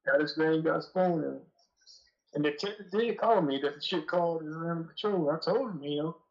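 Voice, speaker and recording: A man calls into a show and tells a long, rambling, profane story with an aggrieved edge. His voice sits a little high for a man. The call audio is dull and lo-fi. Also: normal speed, creaky. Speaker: call-in guest. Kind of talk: casual storytelling. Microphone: phone call.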